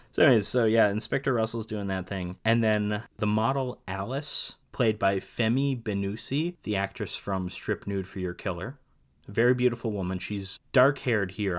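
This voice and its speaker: A man with a low voice talks through a film in a loose, chatty podcast style. He rambles, laughs often and breaks into animated asides as he goes. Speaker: podcast co-host. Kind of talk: casual film discussion.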